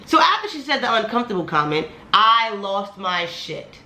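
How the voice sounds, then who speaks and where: A young woman vlogger telling a heated storytime, profane and animated, her voice climbing higher when she gets worked up. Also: moderate pace. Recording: echoey room with faint music.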